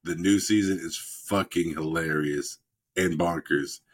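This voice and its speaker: Low husky man telling stories. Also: fairly even intonation, unhurried. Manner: rambling, profane, laughing between lines. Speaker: podcast co-host. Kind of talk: casual chat, retelling TV scenes.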